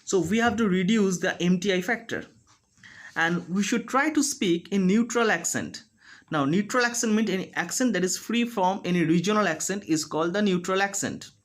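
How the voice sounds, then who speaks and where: A man teaching a phonetics lesson, speaking slowly and deliberately and demonstrating each sound. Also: sits high. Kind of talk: phonetics lecture.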